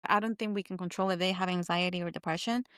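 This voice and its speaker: A woman's voice: fairly low pitch, fairly even intonation, quick pace, fairly bright tone, clean tone, no room sound, studio quality. A woman in her thirties co-hosting a podcast, talking candidly and emotionally and mixing Spanish phrases into her English. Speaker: podcast co-host. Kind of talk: casual chat.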